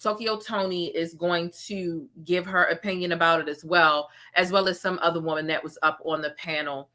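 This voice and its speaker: A woman hosting a casual gossip commentary, talking straight to her viewers in a sassy, animated way. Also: fairly low pitch, moderate pace. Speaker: commentary channel host.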